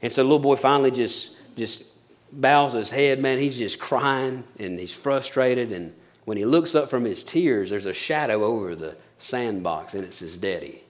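Emphatic preacher. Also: male voice, mid-range voice, moderate pace. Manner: emphatic, repetitive preaching that drops to soft intimate tones. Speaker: pastor. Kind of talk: sermon.

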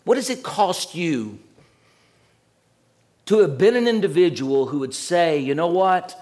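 An earnest man delivers a sermon in a voice a touch higher than most men's. He restates words as he builds toward each point. He lets the ends of phrases fall low and quiet. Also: expressive, unhurried. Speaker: preacher.

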